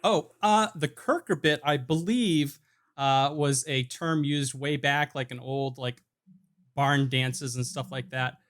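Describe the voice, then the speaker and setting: A man on a comedy podcast panel, making up a story haltingly with many uhs. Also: medium pitch, a bit bright. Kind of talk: casual podcast chat.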